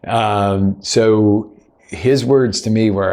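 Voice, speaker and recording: Guy with a low gravelly voice, life coach style, sarcastic storytelling, lots of "you know". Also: a little slow. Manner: sarcastic, acts out other people's lines. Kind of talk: motivational storytelling monologue.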